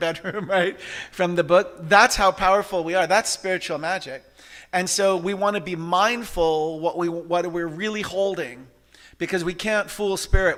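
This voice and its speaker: Bright-voiced man giving a spiritual talk. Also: fairly high pitch. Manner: lively, interactive, asks the audience questions. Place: church service hall.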